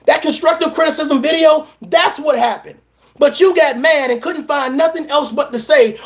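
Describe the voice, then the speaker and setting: Brief: high-voiced man, blunt and preachy, ranting in a reaction vlog. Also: normal speed. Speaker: reaction vlogger and motivational coach. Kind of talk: profane reaction rant.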